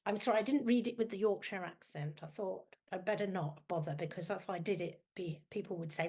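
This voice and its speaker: A woman novelist reads aloud from her own book, measured in narration. Between passages she is chatty and self-deprecating, with a mid-range voice. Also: medium pitch, a little mellow, slightly rough.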